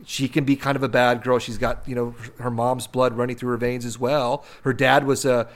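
A man talking through films in a loose, casual way, circling back on his words and restarting his sentences as he thinks aloud. His voice sits at an ordinary middle pitch. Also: level tone, moderate pace. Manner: rambling, many restarts and repeated words. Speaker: podcast co-host discussing films. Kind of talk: casual film discussion.

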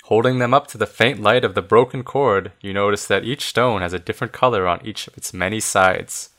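A man reading a children's adventure book aloud, animated and doing voices for each figure. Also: fairly low pitch, brisk. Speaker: reader of a gamebook.

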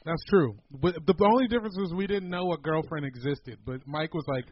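A man's voice: fairly high pitch, brisk. A man hosting a podcast in casual chat, joking and swearing a lot. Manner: joking, profane, excitable. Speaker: podcast host. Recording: dull lo-fi sound with faint noise.

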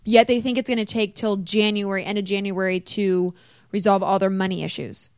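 A woman's voice: medium pitch, steady tone, brisk, darkish tone, clean tone, no room sound, studio quality. A bubbly young woman co-hosting a casual podcast, chatting about celebrity gossip. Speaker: podcast co-host.

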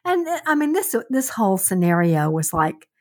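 A woman's voice: mid-range voice, very animated, normal speed, darkish tone. A woman in her sixties co-hosting a casual podcast, telling stories and laughing often. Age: 60s. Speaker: podcast co-host. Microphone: remote call-in from another state.

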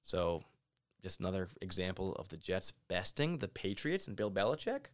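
A man co-hosting a casual sports podcast, animated and opinionated, sometimes slipping into mock voices to make a point. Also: deep voice, normal speed. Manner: animated, opinionated, mimics people in asides. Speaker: podcast co-host.

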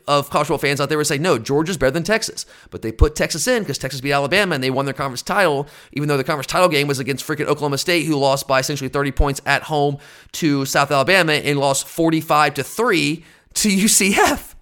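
A man's voice: fairly high pitch, a bit bright. A man hosting a sports fan podcast, exasperated and emphatic as he rants about his team. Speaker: podcast host. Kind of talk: opinionated fan podcast rant.

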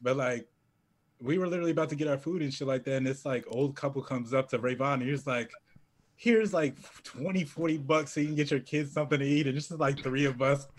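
Young male co-host, relaxed casual storyteller, mid-range voice. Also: mid-range voice, quick pace. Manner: laid-back storytelling, says "bro" and "like" often. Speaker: podcast co-host. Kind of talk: casual chat.

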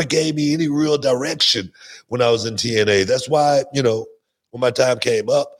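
A middle-aged man, a guest on a podcast, telling stories in a lively way and often repeating his words. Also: mid-range voice. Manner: animated storyteller, repeats words, quick restarts. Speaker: guest, former wrestler. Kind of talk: casual podcast interview storytelling.

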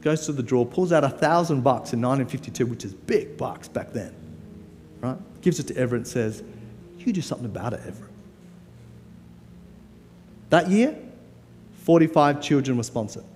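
A man delivering a guest sermon in a church, casual and emphatic, often pushing his voice high on key words. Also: a little fast, darkish tone, slight background noise. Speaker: guest preacher. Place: church hall. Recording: long church-hall reverb, faint music.

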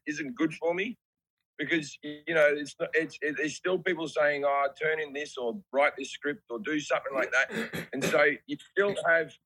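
A man's voice: on the high side, a bit bright, rough recording. An Australian man in his forties, chatting as a comedian guest over a video call, laid-back and self-deprecating. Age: 40s. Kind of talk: casual chat.

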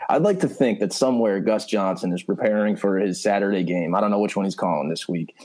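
A man's voice: fairly low pitch, fairly quick, a little mellow, low-quality recording. A man co-hosting a sports podcast, joking and teasing in casual banter. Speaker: podcast co-host.

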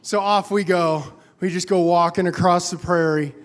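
A man telling a personal story live on stage, excitable and animated, chuckling as he goes. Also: high voice, moderate pace. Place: theater stage. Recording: long reverb of a live stage.

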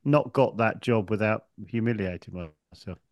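A man's voice: fairly low pitch, moderate pace, a little mellow, no room sound. Rambling man in a dry close mic. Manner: rambling, stop-start, jokey. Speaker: podcast co-host. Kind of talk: casual chat.

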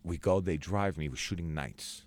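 A young man, a guest actor, telling stories in a casual podcast chat, acting out quotes with big jumps in pitch. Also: normal speed. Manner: animated storyteller who acts out quotes with big pitch jumps.

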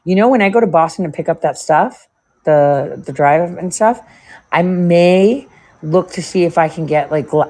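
A woman's voice: low voice, darkish tone. A woman hosting a livestream, chatting casually and rambling between stories, swearing freely. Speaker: livestream host. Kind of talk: casual chat with a co-host.

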